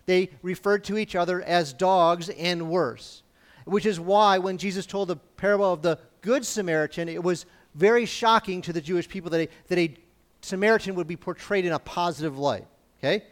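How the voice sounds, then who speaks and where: A man's voice: sits high, moderate pace. A man preaching in a conversational Bible-teaching style, informal and often checking in with his listeners.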